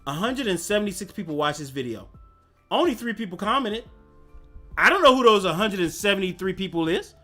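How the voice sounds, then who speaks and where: A man's voice: sits high, animated, a little fast, bright, forceful tone, faint music behind. A man hosting a casual livestream chat, talking in a slangy, rambling way and laughing often. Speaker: host.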